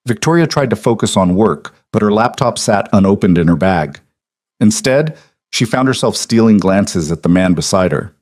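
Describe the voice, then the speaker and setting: Calm and measured, a man with a lowish voice reads a scripted story aloud. The recording is dry, free of room sound and echo.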